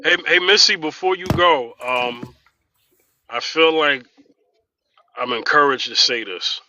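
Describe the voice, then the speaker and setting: A man hosting a live-stream panel, speaking casually and haltingly with many fillers. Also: a little high, pushed and bright, muffled recording. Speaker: host.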